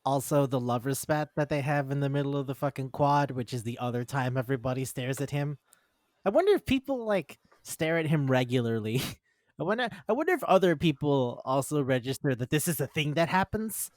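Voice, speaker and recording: A man chatting casually about manga, excitable and quick to swear. He keeps slipping into characters' lines as he talks. His voice sounds close and dry, with no room around it. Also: medium pitch, no echo. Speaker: podcast co-host. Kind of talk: casual chat reviewing manga.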